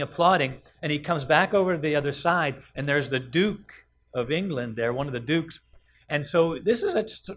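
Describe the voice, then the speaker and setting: A man's voice: on the high side, a bit bright. A male pastor preaching a sermon in a conversational way, full of rhetorical questions.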